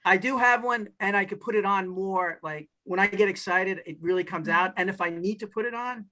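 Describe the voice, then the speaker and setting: A man's voice: high voice, a little fast, poor audio. A man with a New York accent, an actor guest telling stories in a casual podcast interview with many restarts. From New York / New Jersey area. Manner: animated storyteller, many restarts.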